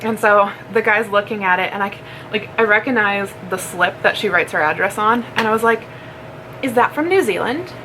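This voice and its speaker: A woman's voice: medium pitch, steady tone, a little fast. A woman chatting casually in a home vlog, rambling and giggling while she snacks. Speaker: vlogger. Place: home, indoors. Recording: clear background noise.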